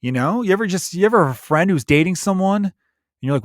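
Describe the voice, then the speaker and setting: Man, podcast host, swearing rant, animated, dry booth mic. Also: sits high, fast, dry recording. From Chicago, USA. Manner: profane, animated ranting with mocking put-on voices. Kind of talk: solo comedic rant.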